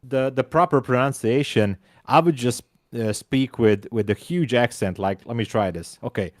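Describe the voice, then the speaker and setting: A Hungarian-speaking man co-hosts a live trading stream, chatting casually in Hungarian-accented English at normal speed and medium pitch. He often stumbles, repeats words, and laughs. The recording is dry and of studio quality.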